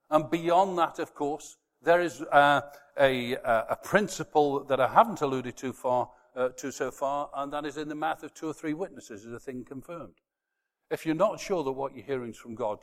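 Preacher man shouting his emphasis, reverberant hall. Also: medium pitch. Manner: bursts into loud shouted emphasis. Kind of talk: sermon.

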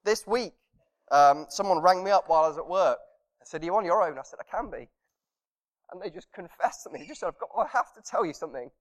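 A man's voice: high voice, expressive, quick pace. A man preaching a conversational sermon, telling stories and chuckling as he goes.

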